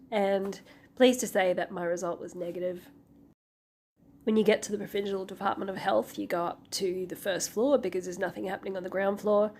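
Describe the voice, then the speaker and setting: A woman's voice: medium pitch, a little mellow, slight background noise. Woman travel vlogger, voice a bit sick, practical and wry. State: sick-sounding voice. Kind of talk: informative travel vlog.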